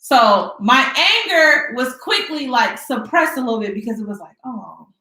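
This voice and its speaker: Young woman, storytime vlog, slangy dramatic retelling, slightly high voice, echoey room. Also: lively intonation, moderate pace, pushed and bright. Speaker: vlogger. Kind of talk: casual storytime.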